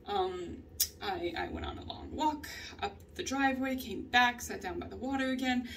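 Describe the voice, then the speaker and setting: A woman's voice: a little high, moderate pace, a bit bright, distant mic, slight background noise. A young woman talking candidly in a personal journal vlog, rambling and laughing often as she tells her story. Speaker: vlogger.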